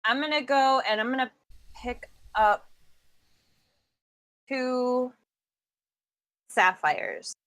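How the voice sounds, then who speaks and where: A woman's voice: sits high, very slow, long pauses, fairly bright tone. A woman playing a tabletop game, eager and playful as she describes her character's actions. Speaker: player.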